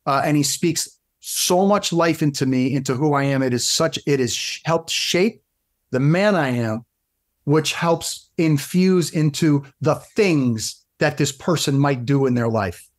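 A middle-aged man with a slightly high voice, telling stories on a podcast as a guest fitness coach. He talks animatedly, jumping back and restarting his sentences as the story runs on. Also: measured pace. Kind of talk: casual storytelling interview.

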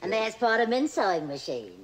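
An actress playing a blunt, sharp-tongued older mother-in-law with a tart, scornful way of talking, in a 1960s film comedy. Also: a little high, very animated, brisk, rough recording. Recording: old film soundtrack with hiss.

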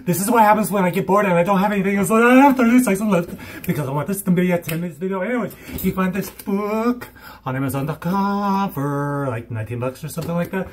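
A young man rambling in a hyper, giddy vlog monologue, swinging between squeals and low mutters. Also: quick pace, a little hiss or hum. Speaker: vlogger.

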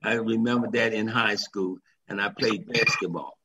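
A man's voice: lowish voice, fairly even intonation, normal speed. An older man and former football player, telling stories in an interview and acting out the voices he quotes. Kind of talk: storytelling interview. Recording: dull lo-fi remote line with faint noise.

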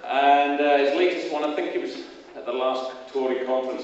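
A man performing satirical poetry live, firing off a mocking list in a quick rhythmic patter. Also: mid-range voice, a little hiss or hum. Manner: rapid-fire rhythmic list delivery, mocking. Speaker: performance poet. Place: large echoey hall at a public meeting. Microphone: distant from the recording mic. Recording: echoey hall, far off, dull audio.

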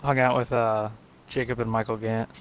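A man's voice: mid-range voice, level tone, moderate pace. Trash-talking young guy gaming. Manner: trash-talking, swearing, joking. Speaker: gaming friend. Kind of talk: casual gaming chat.

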